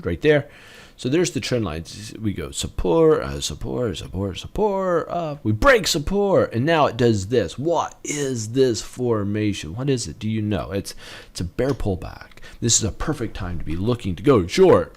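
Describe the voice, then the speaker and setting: Animated man walking through stock charts. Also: mid-range voice, a little slow. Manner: animated, punctuates moves with sound effects. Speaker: trading educator. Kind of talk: chart walkthrough lesson.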